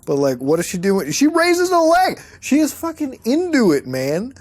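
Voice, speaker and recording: A man hosting an online video, giving excitable, profane commentary while browsing websites and laughing often. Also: extremely high pitch, moderate pace.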